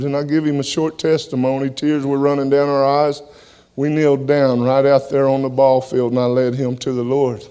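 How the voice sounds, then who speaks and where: A man's voice: mid-range voice, completely flat delivery, moderate pace, mellow, clean tone. A man giving his testimony to a congregation in a plain-spoken, folksy way, often repeating words as he goes.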